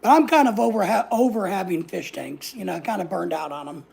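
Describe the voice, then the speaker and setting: A woman's voice: mid-range voice, brisk, vocal fry, darkish tone, slightly rough. A woman, telling a story in a casual vlog, sassy and blunt, swearing freely. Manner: sassy, blunt, swears freely, acts out other people's lines. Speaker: vlogger.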